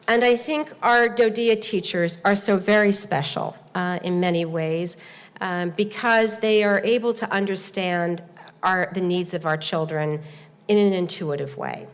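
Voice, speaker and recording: Low-voiced woman speaking in a hall. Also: clear, resonant tone. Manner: earnest storytelling with pauses and fillers. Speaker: event host and presenter. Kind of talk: formal speech to an audience. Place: large hall at a speaking seminar. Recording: long hall reverb.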